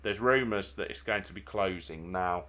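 A man's voice: low-pitched, normal speed, fairly bright tone. A man, co-hosting a podcast and reading the news segment in a chatty way, often ending with tag questions. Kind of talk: casual podcast chat. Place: home bedroom.

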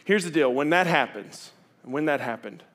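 Candid man preaching, fairly high voice. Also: expressive, moderate pace. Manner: candid and conversational, swinging from loud to hushed. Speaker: pastor. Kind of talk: sermon.

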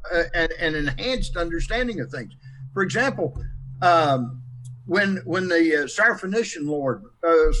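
A man in a casual Bible study discussion who speaks earnestly and quotes scripture as he explains. His voice sits a little high. He is heard slightly off-mic. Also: sharp tone, distant mic, rough recording.

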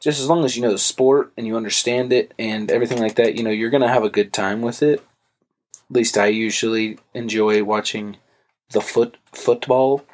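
A young man hosts a podcast in a loose, chatty way, his speech full of fillers and swearing. His voice sits at an ordinary middle pitch for a man. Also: steady tone, normal speed. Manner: loose, profane storytelling with frequent fillers. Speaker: podcast host. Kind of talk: casual chat.

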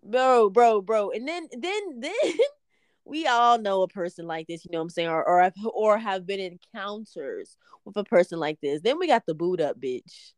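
A woman's voice: medium pitch, lively intonation, normal speed, no room sound, studio quality. A young woman co-hosting a casual podcast chat, telling exaggerated, profane stories and bursting into laughter. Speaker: podcast co-host.

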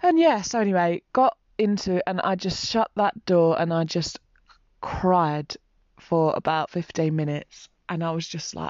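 Woman, vlogger, casual storytelling, emotional, rambling, low voice, dry room, muffled sound. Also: moderate pace, a little mellow, dry recording.

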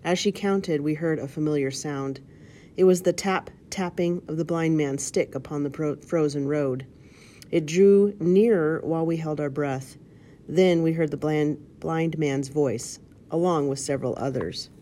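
A woman reading a children's storybook aloud, steady with occasional slips, calling out page numbers. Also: low-pitched, unhurried, slight background noise. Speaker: reader.

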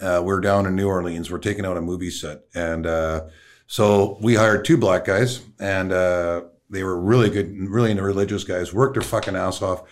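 A man's voice: deep voice, normal speed. A man from Canada with a Canadian accent, a podcast guest telling a story in a casual, profane way and acting out the people in it. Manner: profane, animated storyteller who acts out the people in his story.

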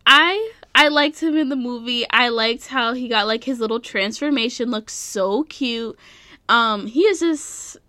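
A woman's voice: fairly high pitch, measured pace, sharp tone, no echo, studio quality. A young adult woman giving a casual review vlog, rambling, easily distracted and often stopping to correct herself.

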